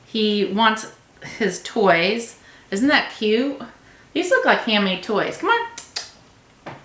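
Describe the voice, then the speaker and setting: A woman's voice: on the high side, very animated, drawn-out words, fairly bright tone, echoey room. A woman vlogger unboxing a subscription box at home, gushing over each item and cooing to her cat. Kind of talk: casual unboxing chat.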